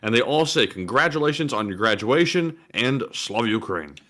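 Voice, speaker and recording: A man co-hosting a livestream, reading out viewer messages in a plain, steady way. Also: medium pitch, moderate pace. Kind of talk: livestream casual chat.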